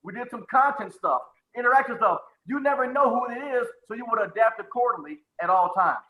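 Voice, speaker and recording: A man's voice: very high-pitched, expressive, brisk, phone-quality sound. A man coaching a live webinar on sales presentations, who talks with energy, repeats his phrases and calls on attendees by name.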